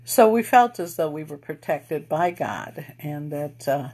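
A middle-aged woman telling a personal story in a casual, unhurried, reflective way, with many pauses and fillers. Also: sits low, expressive, darkish tone. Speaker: storyteller recounting UFO experiences.

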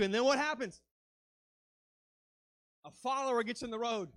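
A man's voice: very high voice, moderate pace, pauses often, fairly bright tone, no echo. A man preaching a sermon as a guest speaker, fervent and dramatic, rising and falling as he acts out quoted lines.

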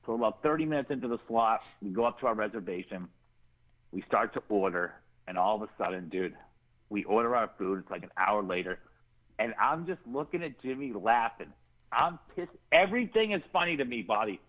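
A man's voice: fairly low pitch, brisk, phone-quality sound. A man telling a long comic story in casual talk, swearing often and acting out what others said. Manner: animated, swearing, acts out quotes.

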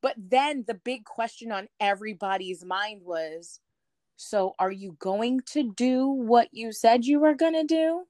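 A woman telling a personal story as an interview guest, animated, acting out the voices of the people she quotes, with lots of "like". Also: a little high, a little slow, no echo, clean studio sound. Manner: frequent "like" fillers.

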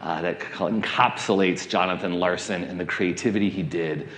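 Animated male pastor in an echoey church. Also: sits low, moderate pace. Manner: animated storytelling, acting out quoted voices. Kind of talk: sermon with personal story. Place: church sanctuary.

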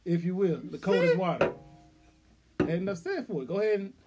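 A man co-hosting a casual podcast, speaking, telling stories with loud laughs and acted-out quotes. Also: sits high, fairly quick, over music. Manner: excitable storyteller, loud laughs, acts out quotes. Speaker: podcast co-host. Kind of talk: casual chat.

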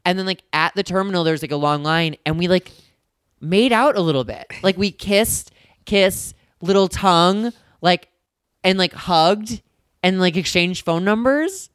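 A man's voice: high-pitched, normal speed, a bit bright, smooth, dry recording, clean studio sound. A man in his thirties, a podcast co-host, telling a story casually and acting out quoted dialogue. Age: 30s. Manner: chatty, acts out quoted dialogue, frequent likes.

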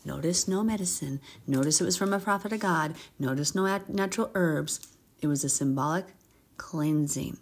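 A woman hosting a Bible podcast, reading scripture aloud and breaking off into expressive, giggly commentary. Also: low voice, a little fast. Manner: expressive, giggly, acts out characters in paraphrase.

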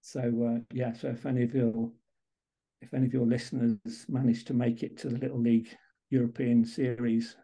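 A man being interviewed as a guest in a casual chat, talking in halting bursts with many restarts and repeated words. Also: medium pitch, level tone, dark tone, rough recording. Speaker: interview guest, baseball photographer.

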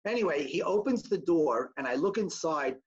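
A man with a husky, slightly rough voice tells a personal story to an audience. He brings it to life by acting out every line of quoted dialogue. The recording is dull and muffled. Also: a little high, lively intonation, normal speed. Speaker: speaker giving a testimony talk.

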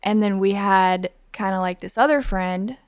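A woman's voice: moderate pace, clean tone, no echo, studio quality. A young woman in casual podcast chat, telling a story with lots of filler words. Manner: animated storyteller, acts out high-pitched voices in her stories. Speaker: podcast guest.

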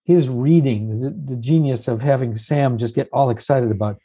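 A man's voice: medium pitch, normal speed, dark tone, breathy edge, rough recording. A man speaking as the guest of an interview, telling stories with chuckles and restarts. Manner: storytelling, chuckling, trailing restarts. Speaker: guest puppeteer. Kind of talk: casual interview chat.

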